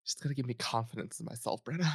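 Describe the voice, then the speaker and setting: A man's voice: mid-range voice, a little fast, creaky, slightly rough, no room sound, studio quality. A man co-hosting a casual gaming podcast, bantering playfully and poking fun at himself. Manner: playful, self-mocking banter. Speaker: podcast co-host.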